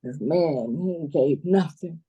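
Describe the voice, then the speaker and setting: A woman's voice: deep voice, measured pace, warm tone, slightly rough, dull audio. An older woman, a grandmother, crying and pleading emotionally in a custody hearing over a phone video call, rambling and repeating herself. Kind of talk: pleading closing statement in court.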